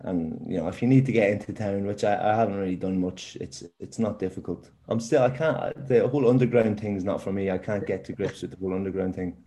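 A young man, a football player, answering interview questions casually in a halting way, often repeating his words. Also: sits low, warm tone, a little hiss or hum. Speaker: footballer guest.

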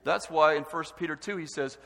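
A man preaching a sermon with animated, emphatic delivery and stresses that rise to a shout. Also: on the high side, fairly quick, vocal fry. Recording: long hall reverb.

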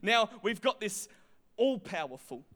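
A man in his twenties preaching a sermon, animated, swinging between quiet stretches and loud emphasis. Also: sits high, moderate pace. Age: 20s.

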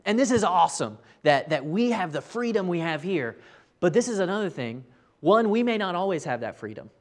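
A man delivering a casual, earnest sermon with a fairly high voice. He keeps tossing "right?" to his listeners as he tells the story. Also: big pitch swings, brisk. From United States. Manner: tags many sentences with "right?". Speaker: preacher. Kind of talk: conversational sermon.

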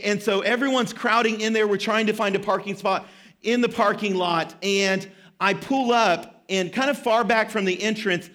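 A man in his thirties preaching a sermon as pastor, telling a story with animated, self-deprecating humor. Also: high voice.

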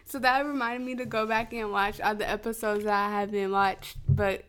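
A woman's voice: medium pitch, level tone, normal speed, a bit bright. A young woman co-hosting a podcast, teasing her co-host in playful casual chat.

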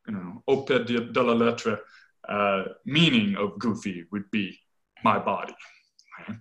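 A man explaining as a scholarly guest in conversation, animated, often checking in with "right?" and correcting himself as he goes. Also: on the low side, moderate pace, low-quality recording. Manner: animated, tags points with "right?".

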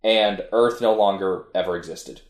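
A man with a low, deep voice talks casually through a review, circling back and restarting his sentences as he goes. The room around him is roomy and echoey. He sounds like a podcast co-host thinking out loud. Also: normal speed. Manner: rambling, with frequent restarts. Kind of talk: casual chat reviewing an anime.

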